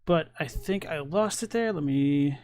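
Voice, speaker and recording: Reacting to videos on a live stream, this young male streamer comments in a relaxed, rambling way, often using fillers and starting sentences over. His voice is on the high side and his delivery a little slow.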